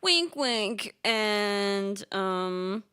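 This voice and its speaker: A young woman streamer chatting casually and telling stories excitedly, laughing often. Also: mid-range voice, very slow, clear, resonant tone. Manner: excitable storytelling with frequent laughs.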